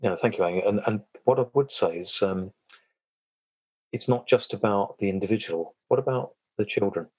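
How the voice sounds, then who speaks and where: Deep husky-voiced man, podcast guest. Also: normal speed, dry recording, muffled recording. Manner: rambling, frequent restarts, chuckles. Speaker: podcast guest, self-defense and trauma coach. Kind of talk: casual interview chat.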